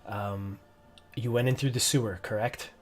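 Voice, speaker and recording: Low-voiced hesitant game master man. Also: fairly even intonation, normal speed. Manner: hesitant, many restarts and ums. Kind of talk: narrating a tabletop game.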